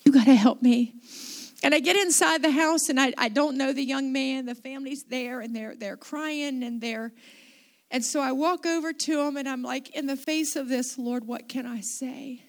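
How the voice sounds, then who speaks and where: A woman's voice: sits high, fairly even intonation, moderate pace. A middle-aged woman pastor telling a story in a conversational sermon, with restarts and asides.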